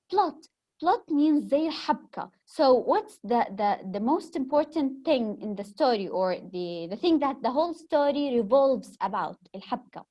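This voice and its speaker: A young woman with an Egyptian accent and a slightly high, somewhat mellow voice lectures a class. As their teacher, she patiently explains terms and quizzes her students.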